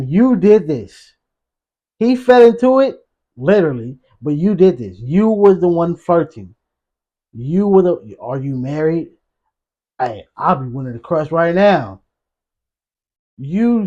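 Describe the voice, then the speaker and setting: A man hosting a reaction video, talking back to the clip in animated, slangy casual commentary. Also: a little high, highs cut off.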